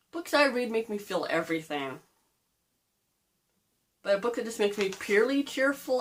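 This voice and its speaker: A woman's voice: mid-range voice, lively intonation, normal speed, a bit bright. Rambling, chatty woman in her thirties. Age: 30s. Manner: rambling, chatty, digresses and laughs at herself. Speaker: book vlogger. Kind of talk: casual chat.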